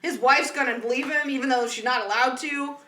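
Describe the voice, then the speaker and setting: A woman's voice: sits high, fairly even intonation, a little fast, bright, forceful tone. A woman chatting casually on a comedy podcast, laughing as she retells stories. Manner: laughing, retelling events with acted-out quotes. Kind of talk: casual storytelling chat. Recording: roomy sound.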